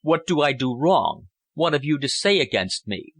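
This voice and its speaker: A man's voice: on the high side, very animated, normal speed, fairly bright tone, no echo, exaggerated voice. Man voicing a gloomy lovesick young officer. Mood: indignant. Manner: brooding, gloomy, earnest.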